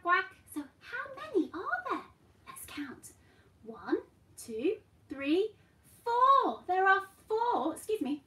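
Very high, sing-song woman teaching toddlers. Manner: animated, sing-song, coaxing. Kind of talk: children's class. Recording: roomy sound, mic at a distance, faint noise.

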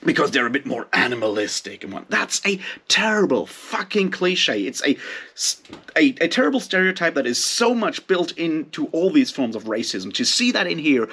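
Husky-voiced man ranting about a book. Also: on the high side, pushed and bright. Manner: heated, profane ranting. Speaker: book reviewer. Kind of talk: casual spoken book review.

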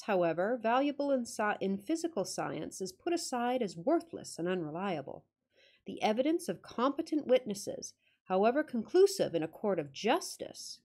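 Brief: young woman narrator, ghost story reading, mid-pitched, casual asides. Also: a little mellow. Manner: casual, chatty asides with swearing and laughs.

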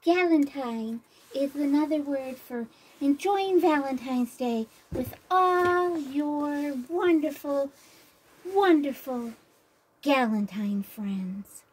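A woman voicing a vain, bossy girl doll who hosts a tea party and calls herself a queen, talking in a haughty, showy way with drawn-out emphasis. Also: high voice, expressive, low-quality recording. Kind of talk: doll play role-play.

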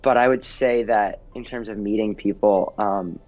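A man's voice: fairly low pitch, steady tone, normal speed. Earnest teen boy, lo-fi interview sound. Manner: earnest, with frequent ums and restarts. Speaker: actor guest. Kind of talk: casual interview chat. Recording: dull lo-fi sound with faint music.

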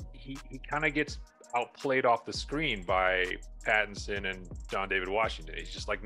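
A man with a bright, forceful voice, set a little low, talking through his views as a podcast co-host. He sounds opinionated and goes into detail, and faint music sits under him. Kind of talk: casual pop-culture commentary.

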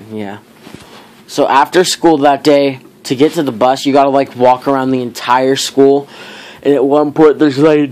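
A young man in casual vlog mode, spinning a rambling anecdote with a middle-pitched, ordinary voice. He leans heavily on filler words and drops swear words freely as he goes. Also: darkish tone, smooth. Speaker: vlogger. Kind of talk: casual storytelling.

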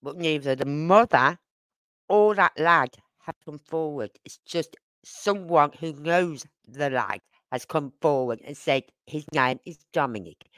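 A YouTuber doing live-stream commentary. The speaker talks emphatically, asks rhetorical questions, repeats points and apologizes for talking too fast. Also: medium pitch, fairly bright tone, no room sound.

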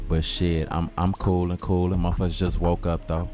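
A man's voice: low voice, normal speed, hardly any pauses, over music. A man narrating a comic street story in slang, acting out the dialogue. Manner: slangy and animated, acts out dialogue.

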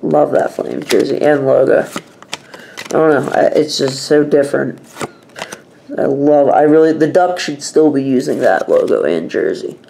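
A man's voice: mid-range voice, normal speed, gravelly, mellow, slight background noise. A young man chatting casually in his own vlog, rambling and emphatic in his opinions. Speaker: vlogger.

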